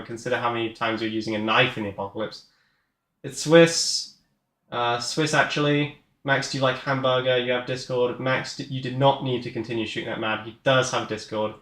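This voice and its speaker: A man's voice: medium pitch, fairly even intonation, fast talker, hardly any pauses, fairly bright tone. Rambling young man streaming games. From Canada. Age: 20s. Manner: rambling, self-deprecating, jokey, lots of "like" fillers. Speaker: game streamer. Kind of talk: casual gameplay live-stream chat.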